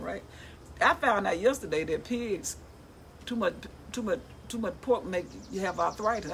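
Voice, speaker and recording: Woman, middle-aged, chatty scripture reading, lively, laughs easily, faint background hiss. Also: lowish voice. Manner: lively, chatty, laughs often, talks to her viewers. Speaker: Bible study vlogger. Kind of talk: scripture reading with personal commentary.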